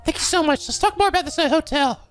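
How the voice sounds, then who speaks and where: A naive, sweet young college girl, as a man voices her in a very high falsetto for a video game. The delivery runs quick and eager. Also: lively intonation, fairly bright tone, faint music behind. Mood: earnest. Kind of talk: voicing game dialogue.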